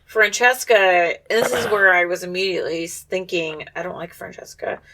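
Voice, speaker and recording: A woman co-hosting a podcast, chatting casually through a film recap, animated and swearing freely while acting out the characters. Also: lowish voice, normal speed, noisy background. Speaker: podcast co-host. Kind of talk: casual movie recap chat.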